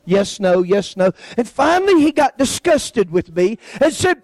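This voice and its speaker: High-voiced preacher telling a story. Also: male voice, big pitch swings, measured pace, a little mellow, no echo, rough recording. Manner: folksy storyteller acting out quoted voices. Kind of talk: sermon testimony storytelling.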